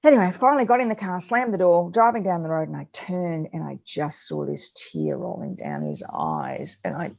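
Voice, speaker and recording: A middle-aged woman, co-hosting a parenting advice chat and telling stories in an animated way. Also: sits low, moderate pace, creaky, hardly any pauses. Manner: animated storyteller, acts out her own yelling. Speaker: co-host.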